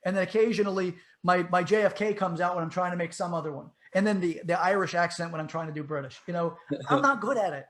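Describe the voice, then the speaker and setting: A man's voice: high-pitched, fast talker, few pauses, a bit bright, poor audio. A man hosting a podcast, chatting bluntly and profanely about politics. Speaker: podcast host. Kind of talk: casual political chat.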